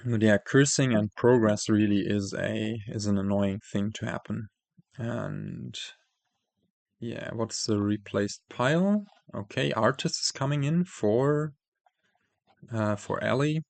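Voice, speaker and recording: A host commentates his card game in a low, darkish voice with vocal fry, taking his time. He thinks aloud, peppering his talk with fillers and self-corrections as his voice wears out. There's no room sound.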